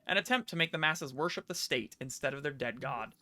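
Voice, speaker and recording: A man's voice: mid-range voice, animated, fairly quick, bright, forceful tone, slight background noise. A man reading game dialogue aloud as a scheming, imperious male city magistrate who lectures and presses.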